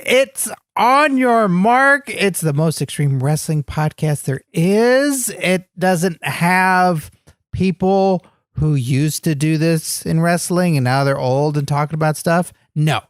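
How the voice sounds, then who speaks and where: A man playing an eager, naive young wrestler in training who co-hosts a comedy podcast and talks in an excitable, childlike way. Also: fairly high pitch, no room sound, clean studio sound. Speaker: podcast co-host.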